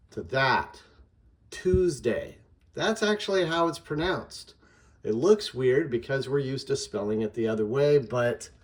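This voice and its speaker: A man talks slowly and deliberately, walking listeners through a lesson. He draws out example words to sound them out, with a calm, middle-aged voice at an ordinary pitch. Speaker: teacher. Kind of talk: instructional explanation.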